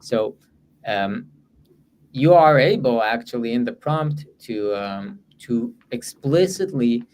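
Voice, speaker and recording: A man's voice: medium pitch, animated, takes it slowly, darkish tone, slight background noise. A man presenting in an online webinar, answering audience questions in a hesitant way with many fillers and restarts. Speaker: guest presenter.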